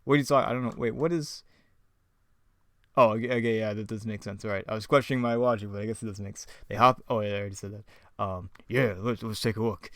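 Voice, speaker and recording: A man's voice: fairly low pitch, quick pace, a bit bright, dry recording, studio quality. A man in a casual vlog reading his old scripts aloud, rambling and mocking himself. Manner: rambling, self-mocking, chuckles often. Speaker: YouTuber.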